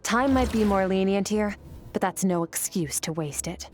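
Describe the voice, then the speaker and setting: A woman voicing a cool, stern female sword master in a video game, speaking in a calm, measured, matter-of-fact way. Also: medium pitch, natural voice. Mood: composed. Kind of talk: game voice acting.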